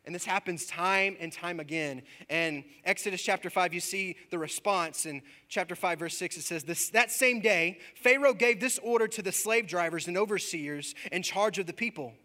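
A man preaching a sermon, dropping soft and low, then building to loud, rising peaks, and reading scripture slowly. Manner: reads scripture aloud slowly.

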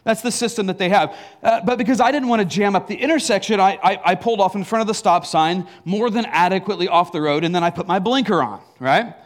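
Animated high-voiced male pastor. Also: fast. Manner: animated storytelling with laughs and acted asides. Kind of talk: sermon. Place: church.

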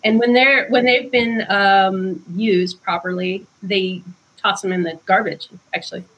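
A woman guest author explaining ideas in conversation, thoughtful and unhurried, with frequent ums. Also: medium pitch, steady tone, a bit bright, highs cut off, a little hiss or hum.

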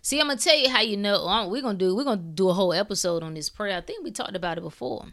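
A woman hosting a podcast, speaking in a blunt, preachy way with swearing and shifting between calm talk and fired-up bursts. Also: mid-range voice, racing. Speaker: podcast host. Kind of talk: impassioned spiritual talk.

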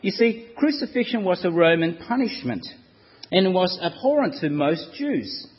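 A man preaching a sermon, telling the story dramatically and acting out the crowd's shouts. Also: high voice, very animated, normal speed, breathy edge, long reverb tail, muffled recording.

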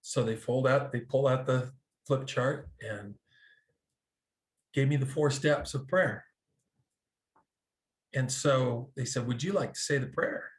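A man telling a personal story in a casual, animated way, acting out quoted dialogue, with frequent restarts. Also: medium pitch, takes it slowly, pauses often. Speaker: guest telling a conversion story.

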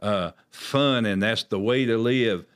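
An earnest man with a lowish voice, talking through scripture in a casual discussion. He has a preacher's habit of leaning hard on quoted verses to give them weight. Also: slow pace, smooth. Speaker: host.

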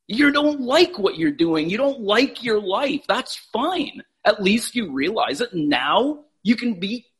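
A man's voice: high voice, very animated, takes it slowly, fairly bright tone, slightly rough. A man from Canada talking as a podcast guest in an emphatic, casual way, swearing freely. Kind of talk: animated motivational talk.

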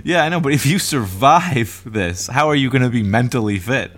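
A man's voice: medium pitch, animated, moderate pace, a bit bright, soft background music. A man hosting a podcast in casual chat, rambling with lots of fillers and laughing easily. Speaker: podcast host.

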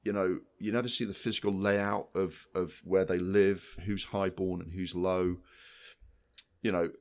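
A man's voice: low voice, a little slow. A man co-hosting a film podcast, talking at length in casual chat, with lots of restarts and repeated words. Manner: rambling, many restarts, animated. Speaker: podcast co-host.

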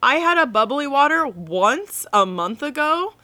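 Bright-voiced young woman chatting casually. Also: high-pitched, big pitch swings, a little slow. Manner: chatty, swears freely, self-mocking jokes. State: hiccuping and burping. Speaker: podcast co-host. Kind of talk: casual chat.

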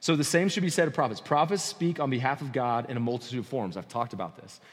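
A man preaching a sermon as pastor in a conversational, animated way, often checking in with his listeners. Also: mid-range voice, fast talker. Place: church sanctuary. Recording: long hall reverb.

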